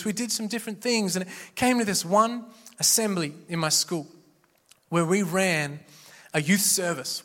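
A pastor preaching a sermon in a church, passionate and emphatic, with repeated refrains. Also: male voice, sits high, fairly bright tone. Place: church auditorium. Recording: echoey hall reverb.

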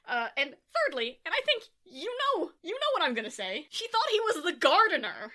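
A woman's voice: very high voice, big pitch swings, normal speed, sharp tone. A woman co-hosting a casual comedy podcast, reading scripture aloud and cracking sarcastic jokes between the verses. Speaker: podcast co-host.

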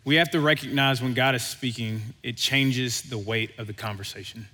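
Conversational preacher in a reverberant hall. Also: male voice, medium pitch, moderate pace. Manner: conversational, animated storytelling with quoted voices. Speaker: pastor. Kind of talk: sermon.

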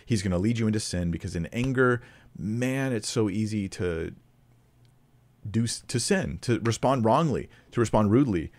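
A man's voice: lowish voice, animated, moderate pace, darkish tone. A man giving an informal Bible teaching in a conversational way, thinking aloud with fillers and restarts. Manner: reads scripture with rising emphasis. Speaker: preacher.

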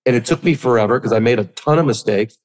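Animated man telling stories. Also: medium pitch, fast talker. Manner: animated storyteller, acts out quotes. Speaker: podcast guest, business coach. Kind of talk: casual interview storytelling.

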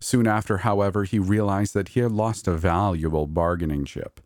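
A man voicing a sly, scheming male creature in a horror story, speaking slowly and mockingly. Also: low-pitched, fairly even intonation, darkish tone, dry recording, clean studio sound, close to an everyday voice. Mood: smug, scheming. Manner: slow, deliberate, mocking. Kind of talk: horror audiobook reading.

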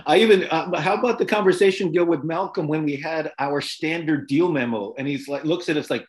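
A man's voice: a little high, fairly quick. A man talking casually on a podcast, recalling old production days in a loose, rambling way. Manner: rambling, with fillers and restarts.

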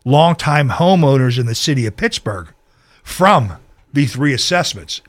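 A man's voice: mid-range voice, very animated, measured pace. A local party official, a man, speaking passionately to viewers about politics and ranting a little as he goes. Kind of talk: political talk addressing viewers.

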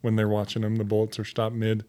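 Lowish monotone guy on a podcast, kinda hesitant, searching for words. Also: fast, clean tone. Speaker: podcast co-host. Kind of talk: casual chat.

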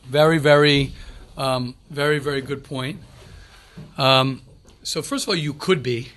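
A man, a rabbi, giving an informal lecture to yeshiva students, animated and repetitive, often restarting his sentences. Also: medium pitch, unhurried. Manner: animated, repeats himself, self-correcting.

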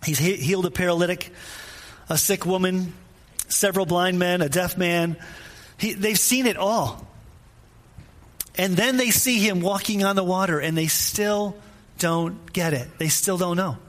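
High-pitched male preacher, easygoing sermon delivery, drives points home by repetition. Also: a little slow, a bit bright. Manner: informal, asks listeners questions directly; repeats phrases for emphasis. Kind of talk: conversational sermon.

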